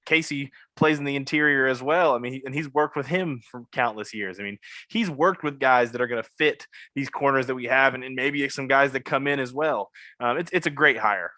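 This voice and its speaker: A man's voice: mid-range voice, a little fast, bright, forceful tone, dry recording. A man co-hosting a casual sports podcast, breaking down a coaching hire with lots of "um" and "I mean". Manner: analytical, frequent "um" and "I mean". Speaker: podcast co-host.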